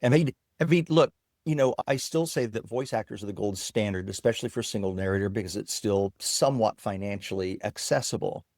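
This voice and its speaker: A man with a lowish voice eagerly walks through a software demo as an interview guest. He explains things step by step in a dry, close-miked recording. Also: a little fast, no echo. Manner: enthusiastic, explanatory. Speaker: guest technologist. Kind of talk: casual interview with screen demo.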